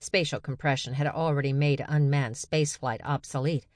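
A woman narrating a science fiction story in a steady, measured way. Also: a bass voice, dry recording, studio quality. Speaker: audiobook narrator. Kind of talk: scripted narration.

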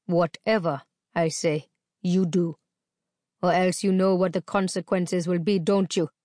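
A woman's voice: on the low side, fairly even intonation, unhurried, darkish tone, no echo, clean studio sound, lightly acted. A woman reading aloud, putting on the voice of a brutal, menacing man who snarls out demands.

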